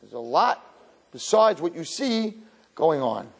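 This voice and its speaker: God as an urgent, commanding voice, pitched high and swinging widely, as a preacher acts him out. He presses each point hard. The voice has a husky edge. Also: big pitch swings, measured pace, full character voice. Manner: urgent, emphatic.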